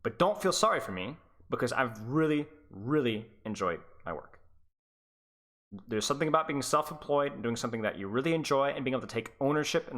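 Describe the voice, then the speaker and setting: A man's voice: medium pitch, a bit bright. A man who coaches esports, talking casually on a live stream in a rambling way, stumbling and restarting his sentences. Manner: rambling, stuttering, with frequent restarts.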